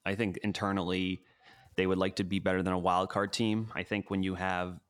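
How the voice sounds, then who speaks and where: A man's voice: deep voice, level tone, a little fast, clear, resonant tone, no echo, clean studio sound. A man co-hosting a casual sports podcast from his living room, rambling and hedging with lots of fillers. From New York City. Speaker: podcast co-host.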